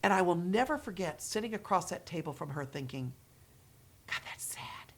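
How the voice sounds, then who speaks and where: A woman's voice: on the low side, lively intonation, a little fast, a little hiss or hum. A middle-aged woman, an educator with thirty years of experience, talking straight to her viewers and acting out the reactions she expects with gasps and whispers. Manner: dramatic, acts out quoted reactions with gasps and whispers. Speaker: educator running her own company and channel. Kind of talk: direct-to-camera talk.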